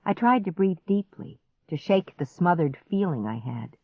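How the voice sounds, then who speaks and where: A woman narrating a children's story in the first person, slow and expressive. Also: low voice, no room sound. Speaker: audiobook narrator. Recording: dry, slightly muffled audiobook recording.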